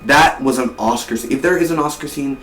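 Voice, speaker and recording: A man reviews a film casually, rambling and enthusiastic, with an ordinary mid-range pitch. He sits some distance from the mic in a roomy space. Faint noise hums underneath. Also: brisk, a bit bright. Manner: rambling, repeats words, enthusiastic. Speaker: movie reviewer.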